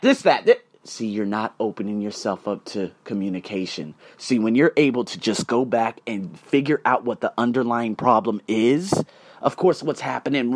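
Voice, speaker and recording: A man hosting his own podcast, telling personal stories in a casual motivational monologue, swinging between loud emphasis and quiet asides. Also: medium pitch. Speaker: podcast host.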